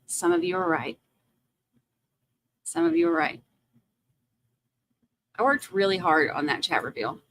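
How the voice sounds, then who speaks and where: A woman's voice: on the low side, unhurried, long pauses, fairly bright tone, a little hiss or hum, low-quality recording. A woman from Massachusetts hosting a livestream, chatting casually and joking at her own expense while reading viewer comments aloud. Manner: jokey, self-teasing, reads viewer comments aloud. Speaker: livestream host.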